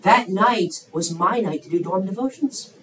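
A man in his thirties preaching a sermon to young people, swinging between loud emphatic bursts and hushed asides. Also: high voice, a little slow, far from the mic, poor audio.

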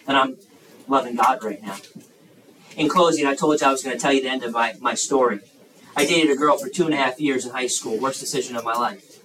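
A man in his thirties preaching a sermon to young people, swinging between loud emphatic bursts and hushed asides. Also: a little high, distant mic, a little hiss or hum, rough recording.

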